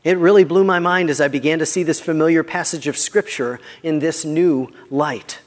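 A man with a fairly high voice preaches a sermon in a church. He talks earnestly and conversationally, often dropping soft to stress a point. His words ring out with a long hall reverb. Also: normal speed. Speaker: pastor.

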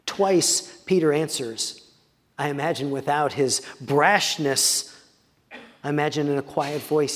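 A man with a high voice delivers a sermon from the pulpit. He reads scripture slowly, dropping into quiet, dramatic pauses. His voice carries a long reverb from a church sanctuary. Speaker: pastor.

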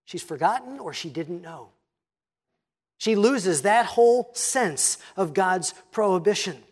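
A pastor preaching a sermon, teaching in a measured tone and reading scripture aloud. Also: medium pitch, expressive.

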